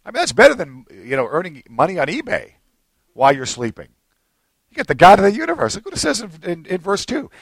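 A male pastor preaches in an animated way, his slightly high, gravelly voice leaping between low asides and excited peaks. He acts out little scenes as he goes. The sound is dry and close, with no room around it. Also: fast, dry recording. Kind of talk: sermon.

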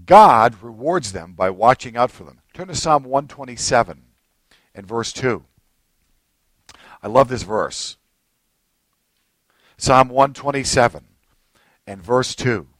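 A man preaching a sermon as pastor, animated, swinging between low asides and high excited bursts and acting out little scenes. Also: slow pace, pauses often, no echo.

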